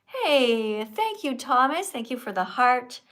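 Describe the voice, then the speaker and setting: A chatty woman from Canada hosts a live stream over a phone mic, speaking in a slightly high voice. She quizzes guests like a teacher, animated and talkative. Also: normal speed. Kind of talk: casual live stream chat with viewers.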